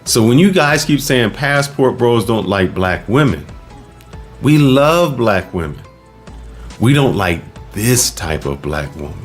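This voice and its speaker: A man's voice: mid-range voice, measured pace, faint music behind. A man co-hosting a reaction show, making his points in an emphatic way. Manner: animated, emphatic. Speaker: co-host. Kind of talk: casual reaction commentary.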